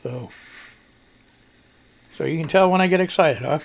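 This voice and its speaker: A man's voice: fairly high pitch, normal speed, vocal fry. A man hosting a casual live news commentary show, ranting loosely and profanely as he reads and reacts to stories. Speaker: talk show host.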